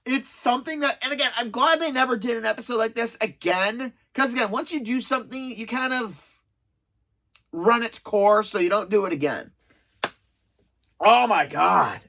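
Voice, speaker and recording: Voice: mid-range voice, normal speed, creaky, a bit bright. A reviewer in their thirties talking through a countdown of favourite TV episodes in a casual, rambling way, full of self-aware sarcasm. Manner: chatty, self-described sarcastic, rambling with restarts. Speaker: video reviewer.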